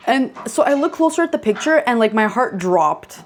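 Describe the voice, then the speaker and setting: Over a noisy background, a young woman hosting her channel tells a ghost story in a slightly high, animated voice, a little slowly. She's chatty, packs in lots of "like" fillers, and laughs as she goes.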